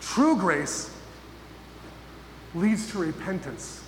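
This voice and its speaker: A man preaching a sermon as pastor, emphatic and full of pauses, often asking his listeners questions. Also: high-pitched, big pitch swings. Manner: emphatic, pausing, asks the audience questions. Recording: echoey hall with faint noise.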